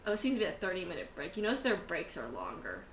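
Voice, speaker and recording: A woman's voice: fairly low pitch, huge pitch swings, quick pace, echoey room, a little hiss or hum. A woman narrating a tabletop game as game master, laughing often and swearing casually between filler words.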